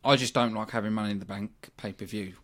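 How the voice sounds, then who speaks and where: A man's voice: fairly low pitch, steady tone, fast, a bit bright. A man with a British accent hosting a wrestling review show, talking casually and giving blunt opinions with frequent ums. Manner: chatty, opinionated, many ums and asides. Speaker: wrestling review podcast host.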